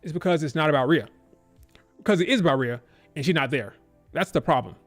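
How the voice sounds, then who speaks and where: A man's voice: a little high, quick pace, faint music behind. Rambling man reviewing wrestling on stream. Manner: rambling, filler-heavy, loose and conversational. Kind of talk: casual live-stream review.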